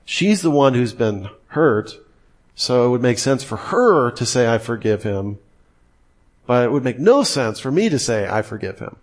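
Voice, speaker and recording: A man's voice: mid-range voice, big pitch swings, normal speed. Man teaching with emphatic asides. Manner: conversational, acts out quoted voices. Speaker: Christian apologetics teacher. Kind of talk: lively teaching talk.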